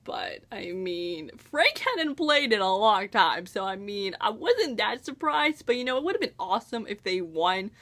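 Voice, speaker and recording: A woman's voice: medium pitch, big pitch swings, a little slow, few pauses, fairly bright tone. A teenage American girl reviewing a book in a casual vlog. She gushes, saying "like" and "oh my gosh" all the time. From United States. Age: teens. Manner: gushing, enthusiastic, full of "like" and "oh my gosh".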